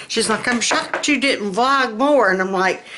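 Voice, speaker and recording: A woman's voice: on the high side, a little slow. A middle-aged woman with a Southern US accent talks to her camera in a home kitchen, taking her time over each thought. Her words come out a bit slurred from denture adhesive, and her manner is folksy and chatty. A faint hum of room noise sits behind her. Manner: chatty, folksy, laughs often. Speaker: vlogger. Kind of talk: casual chat.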